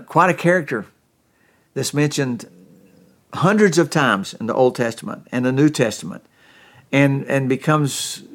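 A man's voice: medium pitch, fairly bright tone. Folksy storytelling male preacher. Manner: folksy storytelling with many restarts. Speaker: pastor. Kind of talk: sermon.

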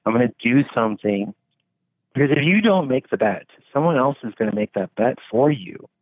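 In casual conversation, a man rambles philosophically at length, leaning heavily on "like" and other fillers and swearing freely. His middle-pitched voice is sing-song and brisk, and it sounds thin and narrow, as if over a phone, with completely dry audio and no room sound.

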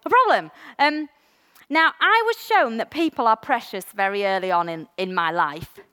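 A woman's voice: a little high, normal speed, clean tone, in a large hall. A woman preaching a candid, personal sermon to her church, with frequent ums. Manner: candid, animated, warm-hearted with frequent ums. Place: church hall.

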